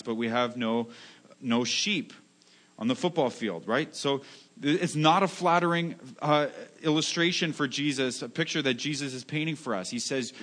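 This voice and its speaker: A man's voice: medium pitch, a bit bright. A man preaching a sermon as a pastor, earnest and repetitive, often restarting phrases and asking "right?".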